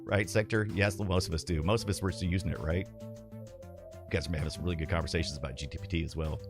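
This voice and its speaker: A man's voice: low voice, fairly even intonation, a little fast, over music. A man hosting a casual livestream, chatting with viewers, laughing often and reading their comments aloud. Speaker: livestream host.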